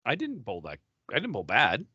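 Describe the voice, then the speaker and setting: A man's voice: mid-range voice, wildly swooping pitch, normal speed, bright, forceful tone, husky, dry recording, dull audio. A man co-hosting a podcast, bantering casually in an exasperated, joking way. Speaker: podcast co-host.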